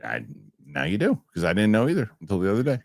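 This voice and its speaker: A man's voice: lowish voice, huge pitch swings, quick pace, vocal fry, dry recording, clean studio sound. A man hosting a casual live show, rambling loosely and reading viewer comments aloud. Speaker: host.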